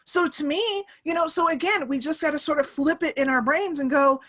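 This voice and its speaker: A woman in her thirties hosting a casual chat over an online call, animated and laughing, often acting out quoted voices. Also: sits high, brisk. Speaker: podcast host.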